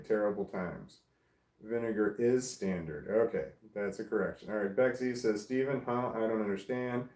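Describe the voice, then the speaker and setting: A man's voice: lowish voice, warm tone, roomy sound. A man casually reading live stream comments aloud and musing on each one. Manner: reads comments aloud and muses on them.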